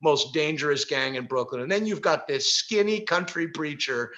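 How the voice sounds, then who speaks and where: A middle-aged man telling a story at a workshop, animated, with many fillers and frequent laughs. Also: on the high side, moderate pace, lo-fi sound. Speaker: workshop speaker. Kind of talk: storytelling talk. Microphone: video call.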